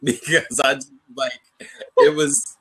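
A man's voice: mid-range voice, steady tone, takes it slowly, a bit bright, breathy edge. A man co-hosting a podcast, chatting casually and animatedly about a TV episode, laughing often and acting out scenes. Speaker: podcast co-host. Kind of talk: casual chat recapping a TV episode.

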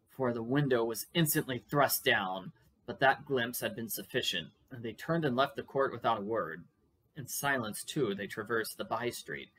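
A man's voice: mid-range voice, a bit bright. A man reading a classic novel aloud, with chatty, musing comments between chapters. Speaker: audiobook reader.

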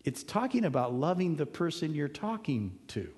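A man's voice: a little high, very animated, normal speed, darkish tone. A male pastor giving an earnest, conversational sermon, driving points home with emphatic repetition. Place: church sanctuary. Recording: long hall reverb.

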